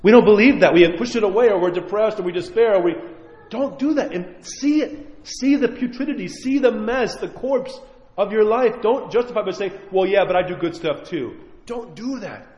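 A man's voice: high voice, normal speed, a little mellow. A man preaching a sermon as a priest, earnest and pleading, with a chuckle now and then. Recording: muffled echoey hall recording.

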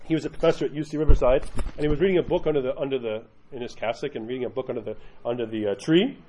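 In a dull lo-fi recording, a man with a warm, mid-range voice races along as he teaches a religion class. This Orthodox Christian teacher keeps turning to the group with questions, and his pace stays uneven.

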